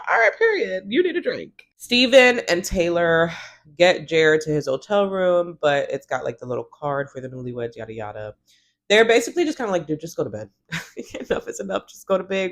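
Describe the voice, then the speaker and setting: Woman, 30s, TV-recap vlogger; casual, gossipy, swears, quotes characters. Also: sits low. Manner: chatty, swears, acts out characters' lines.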